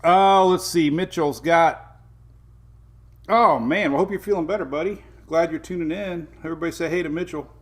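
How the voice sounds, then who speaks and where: A chatty middle-aged man runs a relaxed morning weather show. He greets viewers one by one with an easy, friendly banter, and his speaking voice sits a little higher than most men's. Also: normal speed. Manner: chatty, greets viewers by name, chuckles often. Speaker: weather livestream host. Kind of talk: casual morning weather chat.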